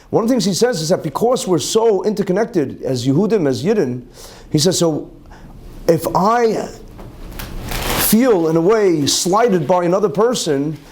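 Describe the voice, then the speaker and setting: Teaching Talmud, a rabbi with a high voice goes over every term twice, sprinkles in Hebrew and Yiddish vocabulary, and keeps things lively with rhetorical questions.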